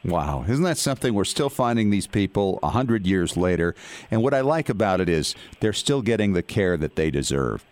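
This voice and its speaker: An upbeat man hosts a radio show, with a voice that swings widely up and down in pitch. The sound is close and dry, with no room around it. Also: normal speed, no room sound. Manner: lively, upbeat announcer delivery.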